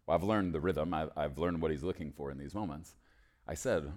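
Male preacher, deep voice; emphatic bursts alternating with quiet, intimate storytelling. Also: a little fast. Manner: swings from loud emphatic declarations to soft, hushed storytelling. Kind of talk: sermon.

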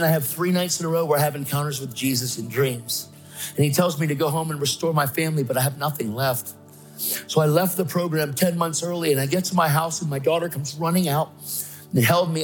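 A man preaching an emphatic sermon, telling his own story and acting out voices. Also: fairly high pitch. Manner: emphatic, excitable, acts out voices. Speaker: guest speaker preaching. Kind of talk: sermon with personal testimony.

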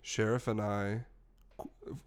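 Low-voiced joking podcast host. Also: male voice, little pitch movement, slow pace. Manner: jokey, self-mocking. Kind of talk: casual chat.

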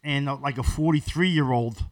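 A man's voice: medium pitch, normal speed, no echo, studio quality. A man who is a podcast guest, telling stories in casual chat in a blunt, profane way.

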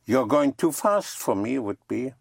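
A French teacher giving a slow, patient one-on-one lesson and spelling words out letter by letter. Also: mid-range voice, big pitch swings, gravelly, husky, no echo, studio quality.

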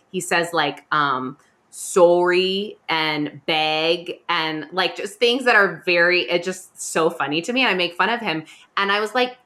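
A woman's voice: fairly low pitch, pushed and bright. A young woman with a light Californian accent, co-hosting a podcast in casual chat full of "like" fillers and reading an ad. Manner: chatty, many "like" fillers, laughs often. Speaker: podcast co-host.

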